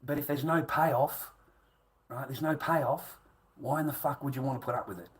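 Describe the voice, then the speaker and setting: Aussie guy ranting to camera, swears a lot, repeats himself, average pitch. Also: moderate pace, low-quality recording. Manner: coarse, swearing, repetitive.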